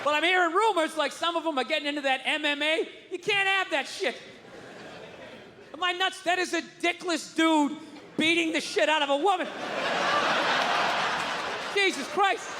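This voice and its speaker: A man doing a stand-up routine, ranting and swearing, often shouting. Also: very high voice. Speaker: stand-up comedian. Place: large hall with a live audience. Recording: hall reverb, audience laughter and noise.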